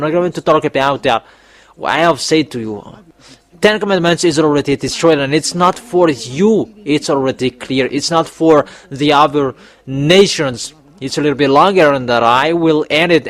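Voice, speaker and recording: Emphatic preaching man, somewhat high voice. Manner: emphatic exhorting, voice rising on warnings; repetitive, with fillers and restarts. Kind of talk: sermon.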